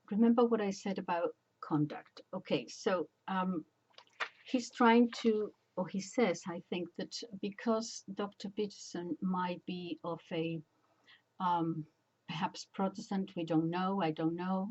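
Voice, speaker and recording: Older woman, slow reflective commentary, soft dark tone, dull lo-fi sound. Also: lowish voice. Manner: hesitant, many ums, slow and reflective. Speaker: catholic commentator. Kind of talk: casual religious commentary.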